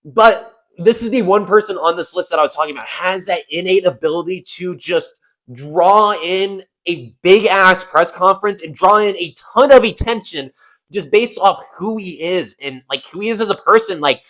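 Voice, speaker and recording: A man's voice: sits high, normal speed, fairly bright tone, low-quality recording. A man giving casual commentary as an MMA YouTuber, rambling and swearing a lot.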